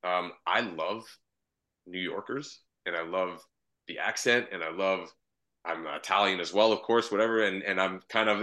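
A Canadian comedian and voice actor with a lowish, pushed and bright voice talks easily as a podcast guest. His casual interview chat is rambling and easygoing, with many restarts.

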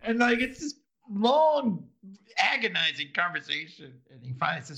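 A man's voice: sits high, very animated, normal speed, gravelly, sharp tone. A man co-hosting a podcast, animatedly retelling TV scenes in casual chat and acting out the quotes. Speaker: podcast co-host.

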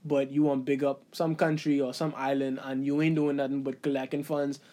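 A man talking in a casual podcast chat, animated and rhetorical, using Caribbean slang. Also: medium pitch, fairly quick.

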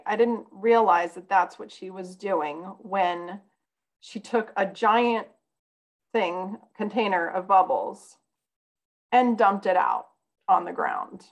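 A woman's voice: medium pitch, vocal fry, poor audio. A woman guest on a podcast, telling a personal story in an earnest, candid way. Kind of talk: casual conversation, personal storytelling.

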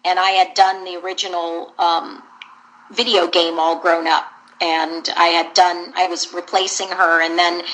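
A woman's voice: on the low side, fairly bright tone, poor audio. A woman voice actor, a guest in an interview, telling candid, rambling stories about her career.

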